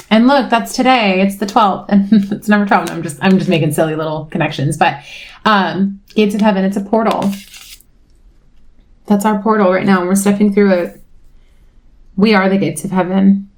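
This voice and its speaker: A young woman talks through a tarot reading in a loose, rambling way, full of "like" and "you know." Her mid-pitched voice turns tender and emotional, and she swears casually. She often drifts into asides mid-sentence. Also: steady tone, moderate pace. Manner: rambling, emotional, swears freely, frequent "like" fillers. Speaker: tarot reader. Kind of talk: casual spiritual chat.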